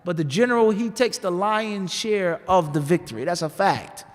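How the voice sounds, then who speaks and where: High-pitched guy preaching, chatty storytelling, asks the crowd questions, lots of hall echo. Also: normal speed. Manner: conversational, asks the audience rhetorical questions. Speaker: imam giving a talk. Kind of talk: sermon storytelling. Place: mosque hall.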